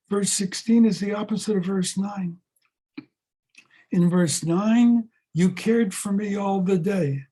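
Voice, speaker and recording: An older man teaches a scripture class as a rabbi, speaking slowly and with weight. His voice sits high for a man yet sounds mellow and a little husky. He leans on repeated words to drive each point home. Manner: dramatic, repeats words for emphasis. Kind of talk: slow, emphatic scripture lesson.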